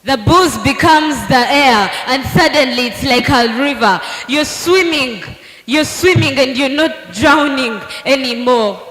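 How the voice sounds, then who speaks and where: A woman's voice: high-pitched, unhurried. A teenage girl performing a dramatic spoken word poem at a live competition. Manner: dramatic, shifting between hushed lines and shouted lines. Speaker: student poet. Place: large hall at a live competition. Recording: roomy hall with echo and faint music.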